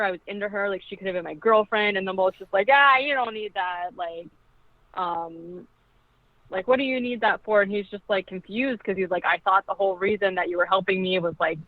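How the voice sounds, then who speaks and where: A woman's voice: mid-range voice, dry recording. Chatty woman on a tinny phone line. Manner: chatty, peppered with "like", acts out quoted lines. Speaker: podcast co-host. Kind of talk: casual film recap.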